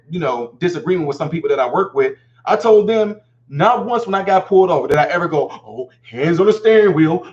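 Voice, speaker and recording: Man hosting a call-in, high voice, rapid talk, slightly muffled sound, acts out quotes. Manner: fast, emphatic, acts out quotes. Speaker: host of a live call-in show.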